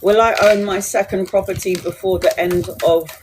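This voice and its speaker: A woman's voice: mid-range voice, fairly even intonation, normal speed, slight background noise, low-quality recording. A woman in her forties giving reassuring, chatty tarot readings to viewers on a live stream. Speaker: tarot reader. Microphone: phone or webcam on a live stream.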